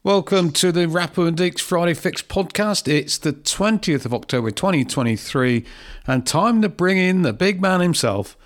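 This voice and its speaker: A man's voice: high voice, animated, normal speed. A man hosting a football podcast, leading the talk in a friendly, teasing way. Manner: friendly, teasing, leads the show. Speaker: podcast host. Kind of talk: casual football chat.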